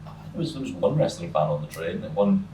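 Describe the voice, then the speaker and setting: A young Scottish man co-hosting a podcast, telling a story in a lively, sweary way and acting out the people in it. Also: low-pitched, fairly quick, echoey room, recorded from a distance, background noise. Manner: animated, swearing, acts out quoted people. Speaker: podcast co-host. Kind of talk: casual storytelling chat.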